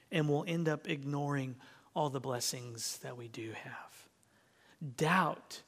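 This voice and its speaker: A man preaching a sermon as pastor, swinging from hushed, near-whispered lines to loud, emphatic ones. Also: a little high. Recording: long hall reverb.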